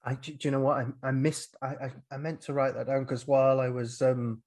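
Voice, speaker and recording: A man's voice: mid-range voice, level tone, brisk, a little mellow. A male podcast host recapping a film in casual chat, rambling with fillers and acting out quotes.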